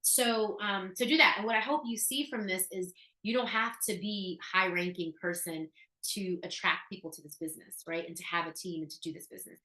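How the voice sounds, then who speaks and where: Emphatic bright-voiced woman presenter. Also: medium pitch, brisk, echoey room, rough recording. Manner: emphatic, asks many rhetorical questions; casual, slangy, laughs often. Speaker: business presenter. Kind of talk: motivational business presentation.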